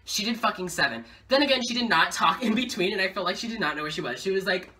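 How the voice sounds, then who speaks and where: A young woman tells a story to her camera with plenty of swearing, and her pitch swings high and low as she gets excited. Her voice is bright and a little low for a woman. She sits a bit back from the mic. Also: quick pace, far from the mic, slight background noise. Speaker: vlogger. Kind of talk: casual story time.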